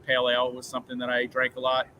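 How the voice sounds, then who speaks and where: Bright-voiced brewer guest on a video call. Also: male voice, medium pitch, monotone, racing, a little hiss or hum, poor audio. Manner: thinks aloud, hesitant starts. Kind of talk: casual interview answers. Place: working brewery.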